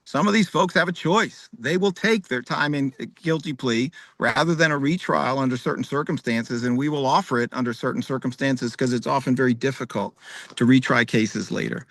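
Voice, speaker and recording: A man's voice: mid-range voice, normal speed, fairly bright tone, no echo. A man speaking as a candidate at an online forum, confidently defending his record and asking rhetorical questions. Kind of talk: debate answer. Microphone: video call.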